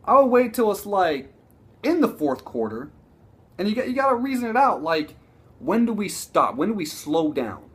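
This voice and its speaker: A man ranting casually about his football team, profane and excitable, rambling with frequent restarts. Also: sits high, moderate pace, breathy edge. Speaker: sports vlogger. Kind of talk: casual sports rant.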